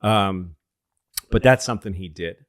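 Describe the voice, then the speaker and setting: A male comedian hosts a casual podcast in a low voice. He tells rambling, profane stories and often breaks off to restart a sentence. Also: measured pace, dry recording, studio quality. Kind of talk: casual chat, storytelling.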